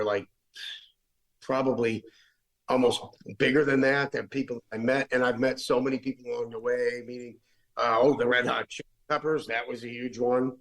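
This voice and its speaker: A man's voice: medium pitch, a bit bright, poor audio. A late-middle-aged man, a rock musician guest, telling stories in a casual, rambling way, full of restarts and fillers. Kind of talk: casual storytelling.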